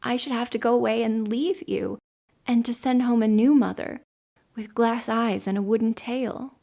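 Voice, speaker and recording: Woman doing a tender, grieving storybook mother, gentle and soft-spoken. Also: on the high side, steady tone, normal speed, creaky. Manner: tender, sorrowful. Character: loving, tearful mother of two.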